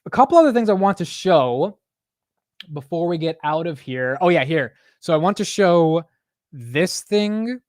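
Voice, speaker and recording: A man hosting a live market show, talking casually in an animated, profane, self-mocking way. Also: on the high side, unhurried, no echo, clean studio sound. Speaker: market livestream host.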